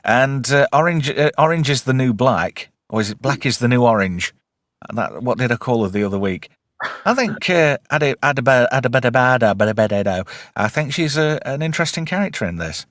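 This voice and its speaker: A man talks in a casual podcast, his pitch leaping about in a lively way. He swears freely and recaps episodes with plenty of energy. His voice is close and dry, with no room sound. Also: brisk, no room sound. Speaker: podcast host. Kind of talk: casual chat.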